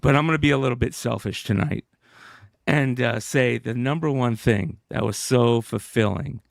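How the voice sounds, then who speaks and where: A man hosting a casual show, telling stories in an animated, swearing, laid-back way. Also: medium pitch, moderate pace, vocal fry, no room sound, clean studio sound. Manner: animated, profane storytelling. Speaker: show host. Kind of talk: casual storytelling chat.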